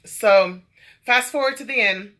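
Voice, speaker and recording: A woman talks straight to camera in a casual storytime vlog. Her voice is bright and a little sharp. She rambles, swears freely and fills gaps with fillers and asides. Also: a little high, measured pace. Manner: chatty, profane, lots of fillers and asides. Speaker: vlogger.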